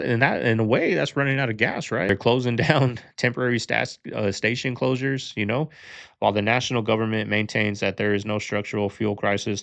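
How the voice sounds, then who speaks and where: A man's voice: fairly low pitch, vocal fry, fairly bright tone, dry recording. A man hosting a reaction video, chatting with viewers and asking them questions in a loose, talkative way. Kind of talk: casual reaction commentary.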